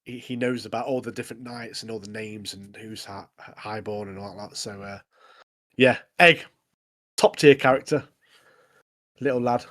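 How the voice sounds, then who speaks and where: A man co-hosting a podcast, talking in a relaxed way and trailing off with fillers. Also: lowish voice, moderate pace. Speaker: podcast co-host. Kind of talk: casual chat.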